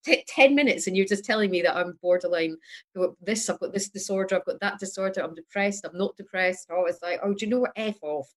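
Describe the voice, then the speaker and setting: A woman in casual chat as a guest on a video call, candid and quick to laugh, with the odd light swear. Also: lowish voice.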